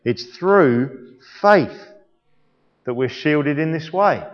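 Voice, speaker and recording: A man's voice: a little high, lively intonation, takes it slowly. A male preacher delivering a sermon in a playful way, quizzing the congregation, recorded in an echoey church hall with a dull sound.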